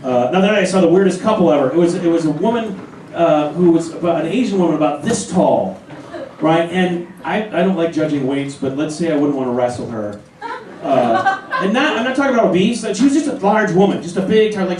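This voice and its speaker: A man in his forties performing a stand-up comedy set in a club, telling stories with animated acted-out voices. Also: on the high side, brisk, a little hiss or hum. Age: 40s. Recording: roomy club sound from a far camera. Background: audience laughter.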